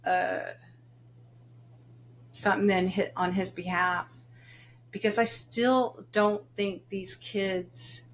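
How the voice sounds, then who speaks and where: Animated storytelling woman, faint hum behind. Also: on the low side, poor audio. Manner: animated storyteller who acts out quoted dialogue. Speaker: podcast guest, grieving mother. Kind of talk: casual storytelling conversation.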